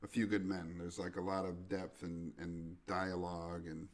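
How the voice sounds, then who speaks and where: A man chatting casually on a podcast, rambling and pausing to search for names mid-sentence. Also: low-pitched, level tone. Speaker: podcast guest. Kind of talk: casual chat.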